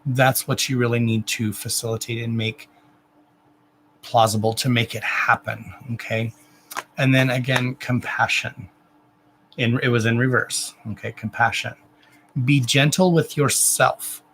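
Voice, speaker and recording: Guy doing a live psychic card reading, soft and emotional, calls you darling, bit of hiss behind. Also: medium pitch, little pitch movement, measured pace, poor audio. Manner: gentle, soothing, addresses viewer with endearments; repetitive, emotional, self-interrupting. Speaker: psychic reader giving oracle card readings.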